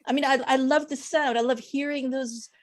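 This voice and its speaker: A woman co-hosting a travel podcast, talking in an emphatic, animated way. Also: high voice, moderate pace. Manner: emphatic and heartfelt, animated storytelling. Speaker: podcast co-host. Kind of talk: casual chat.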